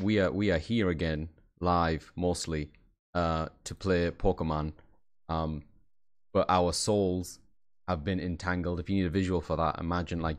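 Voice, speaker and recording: A man streaming a game, chatting casually with viewers in a rambling, jokey, self-deprecating way. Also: sits low. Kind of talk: casual livestream chat.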